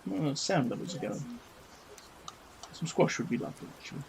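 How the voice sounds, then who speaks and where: A man's voice: fairly high pitch, big pitch swings, brisk, vocal fry, a little mellow, a little hiss or hum, poor audio. A British man in his thirties chatting cheekily and swearing playfully while painting on a live stream at his home desk. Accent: British English. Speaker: livestreamer painting models.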